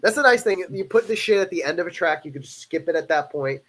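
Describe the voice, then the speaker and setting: A man's voice: high-pitched, lively intonation, fast talker, a bit bright. A man hosting a livestream, talking casually about his music in a loose, rambling, profane way with frequent restarts. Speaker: host and musician.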